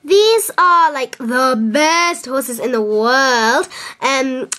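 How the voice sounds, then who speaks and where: A woman's voice: sits high, extremely slow, pushed and bright. A young woman clowning as a scatterbrained stable owner on a home-video tour, full of whoops and "like" fillers. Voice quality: giddy, squealing whoops, valley-girl "like" fillers. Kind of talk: silly improvised home-video comedy tour.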